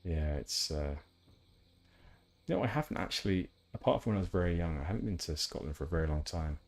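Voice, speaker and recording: A man's voice: deep voice, animated, fairly quick, darkish tone. A man chatting casually while streaming a game, rambling with asides. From England. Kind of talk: casual gameplay chat.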